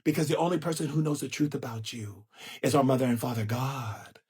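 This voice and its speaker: A man giving a live spiritual talk, playful and theatrical, with sudden jumps in pitch and drawn-out chanted phrases. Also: a little mellow, husky. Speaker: spiritual teacher.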